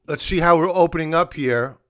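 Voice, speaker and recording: A man's voice: on the high side, brisk, smooth. A middle-aged man hosts a live stock market stream. He is a bit out of breath, greets viewers by name and talks through market news in a casual way.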